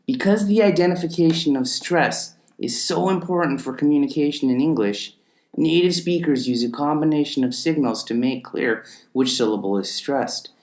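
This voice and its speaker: A man delivers a scripted lesson at an unhurried pace, setting phrases apart with deliberate pauses. His pitch sits in the middle range. The recording picks up a noticeable room echo. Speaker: teacher.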